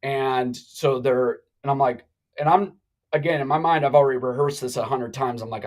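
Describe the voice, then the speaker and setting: A middle-aged man telling a long story on a live talk show, animated and rambling, with many restarts. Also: mid-range voice, moderate pace, poor audio. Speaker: guest.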